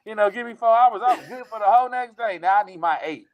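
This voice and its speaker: Over fast, dull audio, a middle-aged male comedian guest spins casual, funny stories. Laughter runs throughout, along with abrupt switches into high mock voices.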